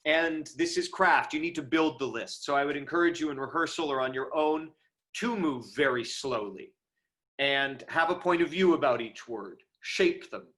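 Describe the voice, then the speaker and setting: A man's voice: on the high side, normal speed, a bit bright. A man giving a casual online lecture on performing verse, thinking aloud with many ums and restarts, recorded over a video call. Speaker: acting teacher. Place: home setup on a video call. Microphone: video call microphone.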